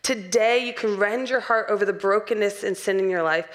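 A woman's voice: mid-range voice, a little fast. A young adult woman preaching a sermon in an earnest, personal way and laughing lightly now and then.

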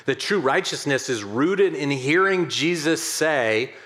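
Animated conversational male preacher. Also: a little high, measured pace. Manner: conversational, animated, swings between hushed and excited; addresses the congregation directly. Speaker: pastor. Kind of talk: sermon.

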